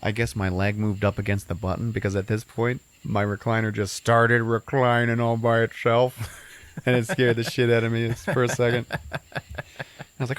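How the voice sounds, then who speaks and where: A man's voice: mid-range voice, steady tone, unhurried, long pauses. A man hosting a podcast, casually retelling a movie plot in a rambling, profane way full of fillers. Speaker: podcast host.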